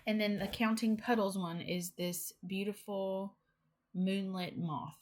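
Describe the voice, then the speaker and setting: Unhurried, chatty young woman showing her haul. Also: mid-range voice. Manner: chatty and excitable, with giggles and gushing. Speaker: cross-stitch vlogger. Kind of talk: casual show-and-tell haul chat.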